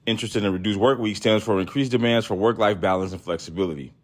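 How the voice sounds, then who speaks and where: A man hosting a podcast, telling a story in a casual, profane, animated way, acting out other people's voices. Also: fairly low pitch, fast. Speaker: podcast host.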